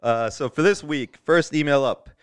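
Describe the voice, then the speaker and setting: A man's voice: fairly high pitch, moderate pace, clean tone, no echo, studio quality. A man co-hosting a casual podcast, reading listener emails aloud in a loose, joking way and laughing easily. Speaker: podcast co-host.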